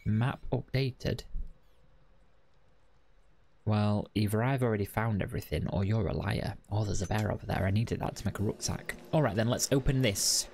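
A man's voice: fairly low pitch, moderate pace, creaky, darkish tone, slight background noise. A man giving casual, wry let's-play commentary and chatting to the game. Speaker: gaming video host.

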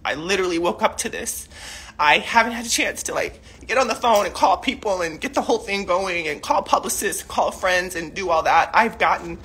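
Her voice on the low side and husky yet fairly bright, a woman in her forties talks expressively and fairly quickly in an unscripted live video. She is a mother speaking out on social media from her clothes-cluttered living room, going on emotionally and at length with lots of fillers and restarts.

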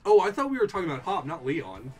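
A man giving casual gaming commentary as a let's play co-host, excitable and laughing often. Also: fairly high pitch, quick pace, breathy edge, faint music behind.

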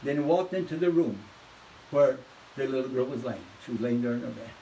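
A man preaching a sermon as pastor, swinging from hushed storytelling to loud, fervent exhortation. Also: medium pitch, lively intonation, a little fast, far from the mic, a little hiss or hum, low-quality recording.

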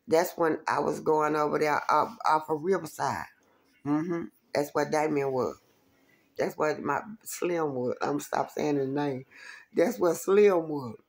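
A woman telling a profane, animated story from her street days, acting out the quotes. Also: sits low, gravelly. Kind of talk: casual storytelling.

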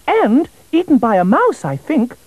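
A man's voice: very high voice, huge pitch swings, a little slow, dry recording, phone-quality sound, pitched above the performer's own voice, heavily acted. A man voicing a helpful young storybook princess in a light, raised voice. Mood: curious.

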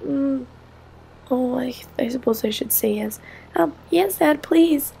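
A soft, hesitant little girl, as a woman puts her on in a toy-play story, quietly uneasy and keeping her worries to herself. The voice sits high and slow, with a dark, gravelly grain. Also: full character voice. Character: young girl, quietly airsick, hiding it.

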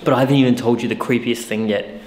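Speaking fast in a medium-pitched, fairly even, slightly mellow voice, this man co-hosts a ghost-hunting channel and chats casually to the camera. He's easily spooked and leans on filler words as he explores an empty old hospital. The audio is echoey and reverberant, with faint noise.

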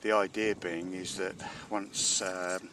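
Low gravelly guy keeping bees outside, chatty, keeps going oh crikey, faint buzzing behind. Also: slow pace, background noise. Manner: chatty, talks to the bees, excitable exclamations. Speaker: beekeeper. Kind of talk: casual narration while working a hive. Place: outdoors at a beehive.

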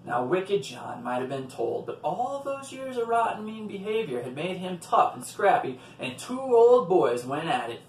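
A man reading a folktale aloud in an expressive storytelling manner. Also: high voice, slight background noise. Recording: roomy, from a distant mic.

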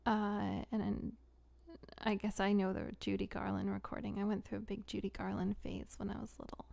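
A young adult woman hosting a casual live Q&A, giggly and rambling, often dropping into soft whispery asides. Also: mid-range voice, flat delivery, normal speed, gravelly. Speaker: audio creator hosting a live Q&A. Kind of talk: casual livestream chat.

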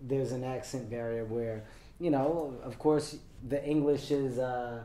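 A man's voice: medium pitch, steady tone, unhurried, mellow. A man with an American accent, a comedian being interviewed, who answers confidently and laughs easily. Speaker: comedian guest. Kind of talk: promotional interview. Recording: echoey room with faint noise.

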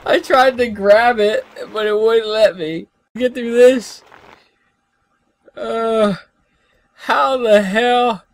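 A young man giving excited let's-play commentary, yelping, shouting, laughing and swearing as he plays. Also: very high voice, very slow, pauses often, no room sound. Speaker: gaming YouTuber.

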